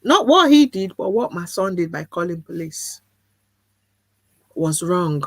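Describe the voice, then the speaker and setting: A woman's voice: on the low side, sing-song, measured pace, no room sound. A woman guest speaking in an earnest, emphatic way over a video call, often repeating phrases for weight. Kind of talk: candid video-call conversation.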